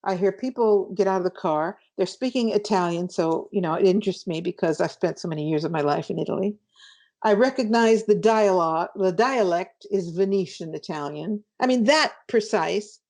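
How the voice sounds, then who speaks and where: A woman guest author being interviewed, telling a vivid personal story in an animated way. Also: medium pitch, normal speed.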